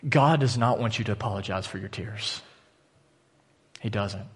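A man's voice: lowish voice, moderate pace, husky. Earnest male pastor in a reverberant hall. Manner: earnest, direct appeals to the congregation. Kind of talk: sermon. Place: church auditorium. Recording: long church hall reverb.

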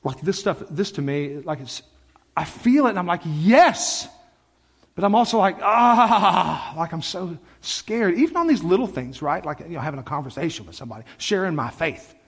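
A male pastor delivers a passionate, conversational sermon with a slightly high voice. His words ring out with a long reverb tail in the church sanctuary. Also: expressive, a little fast, breathy edge.

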